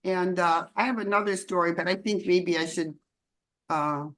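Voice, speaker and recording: A woman's voice: on the low side, normal speed, fairly bright tone. An older woman, a longtime disciple, telling personal stories in a chatty, meandering way and laughing often at a spiritual celebration. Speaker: longtime disciple sharing memories.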